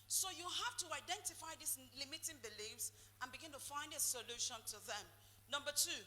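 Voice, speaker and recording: A woman's voice: high voice, bright, forceful tone. A woman giving a motivational talk, calling out questions for the audience to finish. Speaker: motivational speaker. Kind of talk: call-and-response motivational talk. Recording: echoey hall, faint noise.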